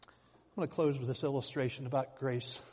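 A man's voice: mid-range voice, fairly even intonation, fairly quick, a little mellow, breathy edge. Preaching man in a reverberant hall. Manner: storytelling preacher, emphatic swells. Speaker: pastor. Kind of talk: sermon.

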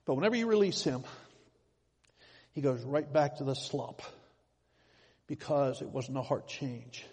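A man's voice: a little high, a little mellow, slightly rough. Preaching man in a reverberant hall. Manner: storytelling preacher, emphatic swells. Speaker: pastor. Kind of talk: sermon.

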